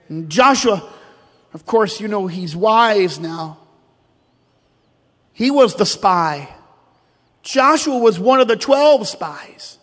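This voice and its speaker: A man with a strikingly high voice delivers a sermon from the pulpit, calling his congregation to repeat declarations with him. His words ring out with a long church-hall reverb. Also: animated, takes it slowly, pauses often, a bit bright. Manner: preaching with call-and-response, leading the congregation in repeated declarations. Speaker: pastor. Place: church sanctuary.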